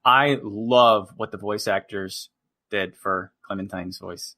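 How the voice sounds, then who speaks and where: A man's voice: on the low side, fairly even intonation, slow, sharp tone. A man co-hosting a casual podcast, chiming in eagerly and laughing often. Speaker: podcast co-host. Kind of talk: casual chat.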